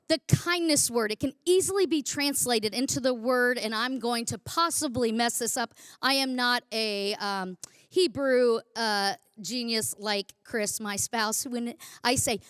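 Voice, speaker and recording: Woman preacher, high voice, dry close sound, emphatic and repetitive sermon delivery. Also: dry recording. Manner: emphatic, repeats phrases for effect.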